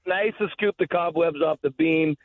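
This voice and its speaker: A man's voice: fairly high pitch, moderate pace, no room sound. A man calling into a sports radio show, jokey and rambling. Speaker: caller. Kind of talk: call-in chat. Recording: dull phone line.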